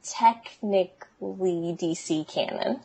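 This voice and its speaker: A woman's voice: fairly low pitch, takes it slowly, gravelly, warm tone, a little hiss or hum. A woman co-hosting a podcast, explaining in a casual, chatty way with frequent ums and small laughs. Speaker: podcast co-host. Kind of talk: casual chat.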